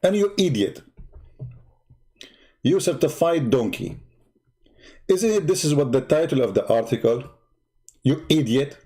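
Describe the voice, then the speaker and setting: A man hosting a live stream, mocking and sarcastic, growing loud and excited as he argues. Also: medium pitch, moderate pace, pauses often. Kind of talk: live-streamed religious debate talk.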